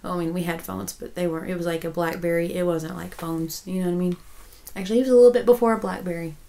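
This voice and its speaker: A woman chats casually in a rambling way, circling back and restarting her sentences. Her voice sits fairly low and has a gravelly edge. She sounds to be in her forties. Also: fairly even intonation, fast talker, warm tone, slight background noise, rough recording. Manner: rambling, many restarts and fillers, emotional. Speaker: crochet vlogger. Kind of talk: casual chat.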